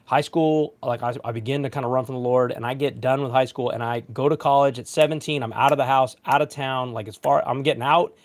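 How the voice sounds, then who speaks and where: A man's voice: medium pitch, fast, hardly any pauses. A man in his thirties, a pastor, telling a personal story in a casual panel discussion, acting out quotes. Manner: animated storytelling, voices quotes.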